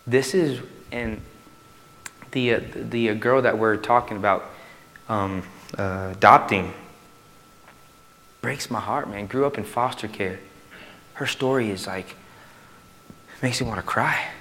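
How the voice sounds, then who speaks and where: A male pastor preaching a sermon to his church in an animated way, swinging from loud to hushed. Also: on the low side, unhurried, pauses often, slight background noise.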